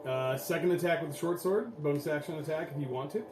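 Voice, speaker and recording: A man's voice: fairly high pitch, fast, roomy sound, music in the background. A man narrating as game master, describing the scene with frequent restarts.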